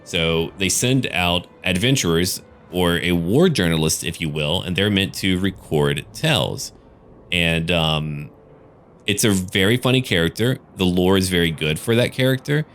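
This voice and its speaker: A gaming YouTuber and game master talking loosely through a casual channel update, rambling and swearing now and then. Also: male voice, low-pitched, unhurried, a bit bright, soft background music.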